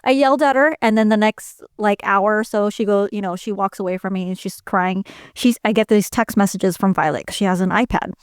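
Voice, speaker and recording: A middle-aged woman and mother co-hosting a podcast, talking bluntly and frankly in animated, storytelling chat. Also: mid-range voice, a little fast, hardly any pauses, clean tone, no room sound, clean studio sound. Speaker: podcast co-host. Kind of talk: casual chat.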